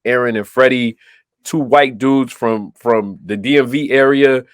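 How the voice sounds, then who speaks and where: Speaking at an unhurried pace with a medium pitch and clean tone, this podcast co-host from Brooklyn, New York shares stories in a casual chat. He's an animated storyteller who performs the dialogue in quotes, captured in a dry, clean studio recording.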